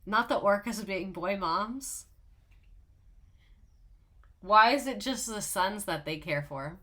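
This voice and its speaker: Bright-voiced sarcastic young woman vlogger. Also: mid-range voice, takes it slowly. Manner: sarcastic, emotional, swears casually. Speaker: video host. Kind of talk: casual commentary over clips.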